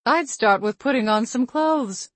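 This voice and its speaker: A woman's voice: fairly high pitch, animated, a little slow, no room sound, voice pushed up. Woman putting on a fussy old grandmother spirit. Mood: tart. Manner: chiding, chatty and scatterbrained.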